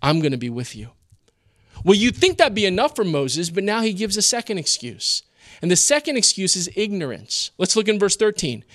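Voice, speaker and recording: A man preaching a sermon in an expressive, teaching manner with rhetorical questions. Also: high-pitched, a little fast, dry recording, clean studio sound. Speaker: pastor.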